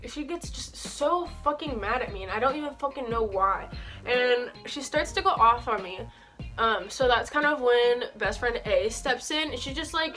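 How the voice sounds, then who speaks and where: A woman's voice: fairly high pitch, expressive, moderate pace, pushed and bright. A young woman telling a personal story for her vlog, swearing often and packing her speech with "like", in a heated and indignant way. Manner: heavy swearing, frequent "like" fillers. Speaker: vlogger. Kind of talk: storytime monologue. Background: faint background music.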